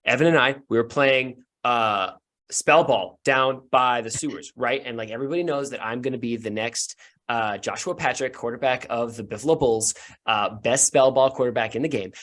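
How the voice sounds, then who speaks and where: A man voicing an earnest, excitable young neighborhood boy who rambles breathlessly in a tabletop game. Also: medium pitch, normal speed, lightly acted.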